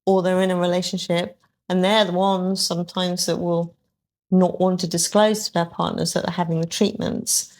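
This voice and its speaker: A woman's voice: fairly low pitch, flat delivery, normal speed, a little mellow. A woman talking as a guest on a podcast about her aesthetics work, thoughtful and hedging with many ums and restarts, with the odd dry sarcastic aside. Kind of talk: conversational podcast interview.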